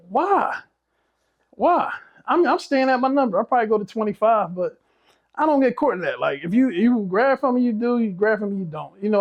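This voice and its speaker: A man's voice: high-pitched, gravelly. A man, a business owner telling blunt, profane stories in a casual podcast chat.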